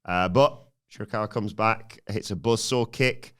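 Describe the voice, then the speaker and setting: A man co-hosting a podcast, briskly recounting a wrestling match blow by blow with frequent fillers. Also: fairly low pitch, fairly bright tone. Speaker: podcast co-host.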